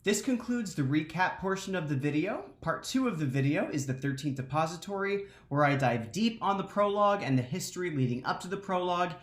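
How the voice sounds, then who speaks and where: A woman's voice: lowish voice, lively intonation, fairly quick, few pauses. An enthusiastic woman hosting a casual, slangy video recap of a fantasy novel. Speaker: book recap host. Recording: roomy echo.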